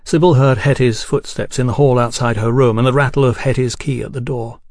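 A man narrating a novel in a measured, descriptive way. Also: mid-range voice, steady tone, darkish tone, no echo, studio quality. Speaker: audiobook narrator. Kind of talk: scripted narration.

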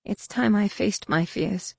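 A woman's voice: medium pitch, a little slow, vocal fry, slightly rough, dry recording, voice pushed up. A woman voicing a grief-stricken young woman warrior in an audiobook reading, speaking with grave resolve. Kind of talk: audiobook character voice.

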